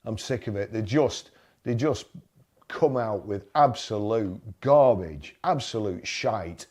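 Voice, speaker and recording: A man's voice: on the low side, animated, slow, a little mellow. A man giving a blunt, exasperated commentary while browsing car listings, repeating himself when riled. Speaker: motoring vlogger. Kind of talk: screen-browsing commentary and rant.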